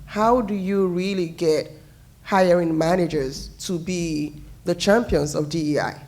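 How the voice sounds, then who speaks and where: A woman's voice: fairly low pitch, darkish tone. Friendly woman asking from the floor. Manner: friendly, quick, addresses panelists by name. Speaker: audience member asking a question. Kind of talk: question from the floor. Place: municipal building meeting room.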